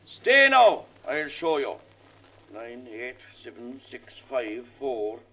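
An actor with an Irish accent playing a genial, dryly ironic duelling gentleman in a stage play recording. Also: sits high, expressive, moderate pace.

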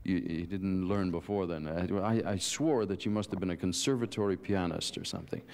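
Male TV host, slightly low voice, joking interview patter, 1970s broadcast. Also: fairly quick, gravelly, darkish tone. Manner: joking, chatty. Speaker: TV show host. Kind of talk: televised interview.

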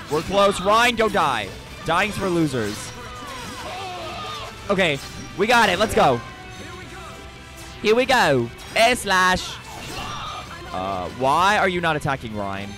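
Excitable, foul-mouthed male streamer. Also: on the high side. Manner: excitable, profane, chatty. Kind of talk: live gaming commentary. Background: game music.

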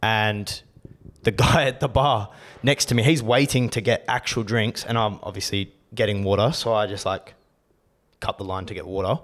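A man's voice: fairly low pitch, steady tone, normal speed. A young man, co-hosting a podcast in casual chat, brash and swearing as he rants. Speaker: podcast co-host.

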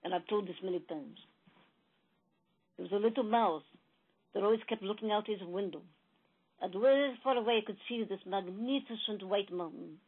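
A woman tells a spiritual parable in a gentle, emphatic, repetitive way. Her voice is husky and breathy, at an average pitch for a woman. The recording is narrow and tinny, like a phone line. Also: moderate pace, pauses often. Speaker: spiritual channeler. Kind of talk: spiritual storytelling.

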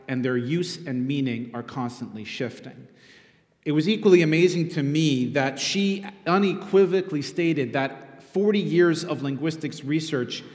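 A man, a university instructor and producer, telling the story behind his film in a conversational public talk. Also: on the high side. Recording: long echo in a lecture hall.

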